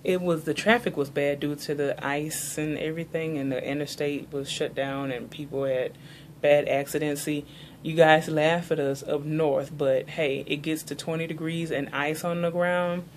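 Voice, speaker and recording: A woman's voice: deep voice, steady tone, moderate pace, slight background noise. A young woman from the American South, chatting casually in a haul vlog, rambling and filling her talk with "like". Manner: rambling, chatty, many "like" fillers. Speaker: vlogger.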